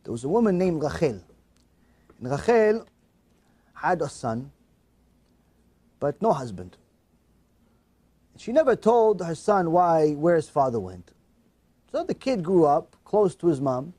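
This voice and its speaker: A highly expressive man delivers a moral tale as a sermon, his higher voice swooping widely. He acts out each character with strong emotion. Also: unhurried, long pauses, breathy edge. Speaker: religious storyteller. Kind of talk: storytelling sermon.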